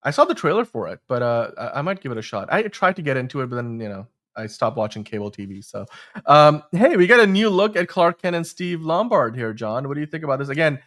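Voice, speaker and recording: A man's voice: fairly high pitch, sing-song, fast, fairly bright tone. A man hosting a casual pop-culture podcast, reading viewer comments in an upbeat, chatty way. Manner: upbeat, chatty, laughs easily.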